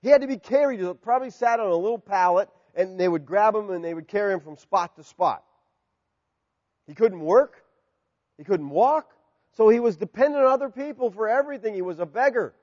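Middle-aged male pastor, lively pitch, loud-to-hushed delivery, dull hall recording. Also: fairly quick. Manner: animated preaching, swings from loud to hushed. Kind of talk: sermon.

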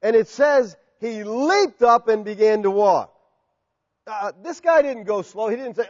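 A middle-aged man preaching a sermon, animated and swinging from loud declarations to hushed asides. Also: high-pitched, brisk, in a large hall, muffled recording. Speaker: pastor.

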